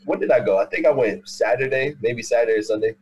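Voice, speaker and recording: A man's voice: mid-range voice, quick pace, a little mellow, poor audio. A man hosting a casual chat, teasing and quizzing a guest in a playful way. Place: in Texas.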